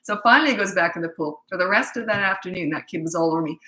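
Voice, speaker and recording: A middle-aged woman coaching parents, telling a story in a direct, no-nonsense, animated way. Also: fairly low pitch, fast talker, hardly any pauses, reverberant, poor audio. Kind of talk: casual storytelling advice.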